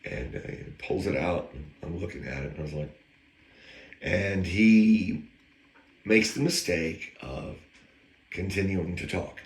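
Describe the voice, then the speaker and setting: A man's voice: low voice, a little slow, pauses often. A man casually telling an anecdote, rambling with wry, self-aware digressions. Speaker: storyteller. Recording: echoey room.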